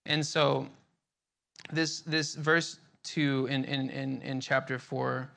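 Speaking slowly in a flat, gravelly, slightly bright voice of medium pitch, a young man works through a Bible passage. His teaching is casual, with many fillers, repeated words and restarts.

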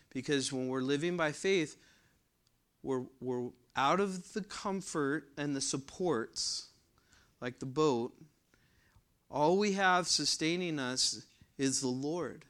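A middle-aged man preaching a verse-by-verse sermon, reading scripture louder and adding asides. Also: on the high side. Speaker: pastor.

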